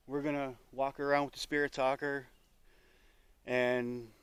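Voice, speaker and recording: A man's voice: medium pitch, level tone, measured pace, smooth, dry recording. A man narrating his own paranormal investigation outdoors in the woods. He talks in a nervous, rambling way, stumbling and circling back over details. His voice is recorded on a handheld microphone out in the open. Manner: nervous, rambling, self-correcting. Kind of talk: solo outdoor vlog narration. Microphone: microphone with a phone beside it.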